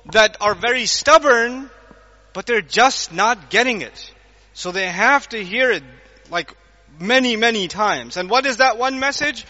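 A man delivers a lively religious lecture in a very high, bright voice. He acts out little scenes and keeps asking the audience questions. The recording is dull and lo-fi. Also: big-room sound. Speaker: Islamic lecturer.

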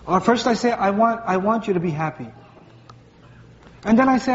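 A high-voiced male preacher gives a sermon at normal speed in a large gathering hall with a congregation, telling stories playfully and in a lively, conversational way while acting out everyday voices. His voice sounds distant, muffled, and reverberant, with a faint hum in the hall recording.

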